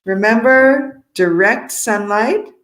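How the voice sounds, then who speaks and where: A woman's voice: on the high side, slow, fairly bright tone, roomy sound. A woman co-hosting an English lesson webinar over a video call, upbeat and encouraging as she explains what words mean. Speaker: webinar co-host, English teacher. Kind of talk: casual online English lesson.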